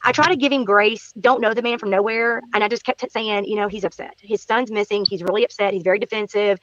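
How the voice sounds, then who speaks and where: Recounting a neighborhood encounter as a guest, a woman talks fast and casually in a medium-pitched voice, animatedly acting out what people said and repeating phrases for emphasis. The audio sounds dull.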